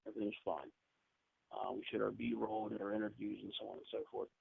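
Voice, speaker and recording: Gravelly-voiced man on a tinny line. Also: fairly low pitch, flat delivery, no room sound. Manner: chatty, rambling anecdotes with quick asides. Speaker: podcast guest, paranormal investigator. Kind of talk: casual storytelling interview.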